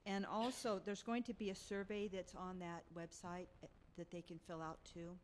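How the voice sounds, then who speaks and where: A woman guest on a radio interview explaining public parks workshops in a steady, informative way. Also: lowish voice, moderate pace, slight background noise. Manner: informative, steady, uses fillers. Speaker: guest from a parks and recreation agency.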